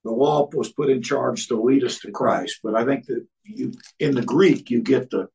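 A man's voice: mid-range voice, moderate pace, creaky, a little mellow, breathy edge, distant mic, rough recording. A man in casual discussion, talking hesitantly and searching for words. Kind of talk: casual chat.

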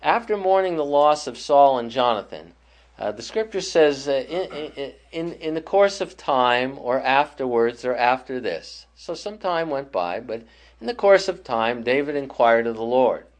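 A man leading a Bible study class, explaining scripture thoughtfully with frequent pauses and restarts. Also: mid-range voice, expressive.

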